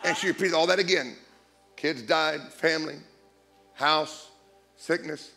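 A man's voice: normal speed, pauses often, faint music behind. A middle-aged man preaching a storytelling sermon, joking and acting out dialogue. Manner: animated, jokey, acts out dialogue with big pitch swings. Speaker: guest preacher.

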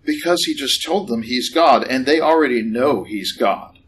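A man preaching a sermon in a church, conversational and animated, rising in pitch on questions. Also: normal speed, a little hiss or hum, rough recording. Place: church hall.

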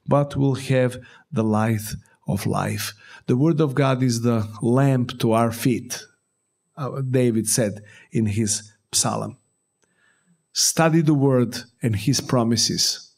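Man, preacher, sermon, earnest exhortation, mid pitch. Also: a little mellow. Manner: earnest exhortation with short repeated commands. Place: church service.

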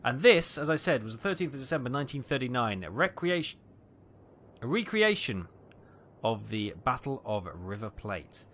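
A man's voice: mid-range voice, big pitch swings, moderate pace, fairly bright tone, slight background noise. A man hosting a gaming channel, chatting and explaining as he plays, with frequent fillers. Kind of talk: game commentary.

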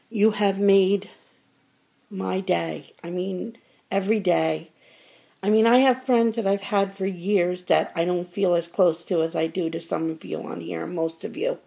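A woman's voice: mid-range voice, steady tone, measured pace, vocal fry, dark tone. A middle-aged woman chatting casually to her viewers as she opens fan mail, effusive and grateful and easily choked up. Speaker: vlogger opening fan mail. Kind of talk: casual chat to camera.

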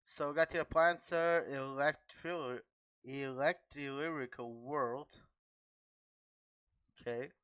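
Guy opening card packs for his channel, chatty n excitable, dry muffled lo-fi audio. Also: medium pitch, slow pace, pauses often, smooth, no room sound. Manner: chatty, keeps addressing viewers as guys; excitable, exclaims often. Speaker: trading card pack opener. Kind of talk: casual unboxing chat to viewers. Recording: dull, dry lo-fi home recording.

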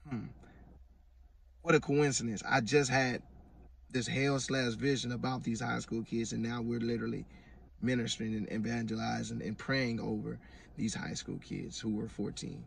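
A man telling his religious testimony in a casual, earnest way, often circling back and restarting his sentences. His voice sits in a middle pitch. He is recorded from a bit away from the microphone. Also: creaky, fairly bright tone, recorded from a distance. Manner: earnest, rambling, with repeated restarts. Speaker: vlogger giving religious testimony.

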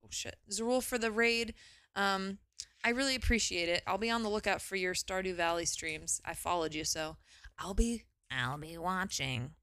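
Bright, excitable woman streamer. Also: medium pitch, normal speed, clear, resonant tone, no echo. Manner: excitable, gushing, exclaims and swears often. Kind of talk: casual live gaming commentary.

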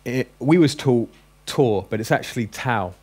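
A man's voice: medium pitch, expressive, a little mellow, husky. Chatty man teaching a class. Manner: chatty and joking, drills letters slowly. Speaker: Greek teacher. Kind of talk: classroom lesson. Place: classroom with a group.

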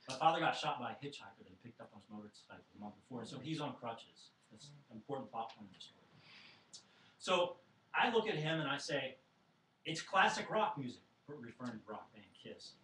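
Bright-voiced male storyteller, live room. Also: mid-range voice, fast, a little hiss or hum. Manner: animated, self-deprecating, deadpan asides. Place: living room of a house show before an audience. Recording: roomy, distant live recording.

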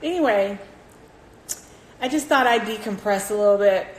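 A woman's voice: medium pitch, moderate pace, slight background noise. A woman chatting on a livestream from home while soothing her teething baby, cooing and baby-talking between answers. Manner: playful, coos and baby-talks to her fussy infant. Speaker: mother doing a livestream. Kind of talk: casual livestream chat.

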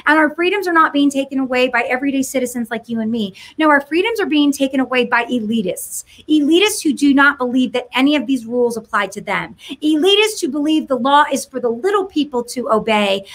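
A woman's voice: high-pitched, fairly bright tone. A woman giving an impassioned monologue to camera, mocking, firing rhetorical questions and doing voices. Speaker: political commentator.

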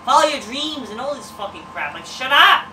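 A man's voice: very high-pitched, sing-song, normal speed, bright, forceful tone. A man giving a casual, rambling, profane review of a wrestling show, dismissive and full of fillers. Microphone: distant mic. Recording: roomy distant mic with background noise.

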